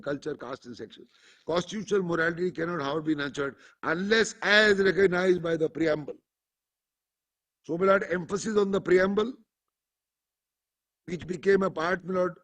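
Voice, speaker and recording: Husky-voiced Indian lawyer addressing the bench. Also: male voice, a little high, fairly bright tone. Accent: Indian English. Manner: formal, addresses the bench as "my lord" constantly; reads passages aloud from a judgment. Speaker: lawyer arguing before a court. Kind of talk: courtroom argument.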